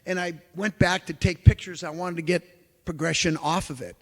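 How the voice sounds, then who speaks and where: A man giving a lecture as an animated storyteller, who acts out the exclamations he quotes. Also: fairly high pitch, moderate pace. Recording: long hall reverb.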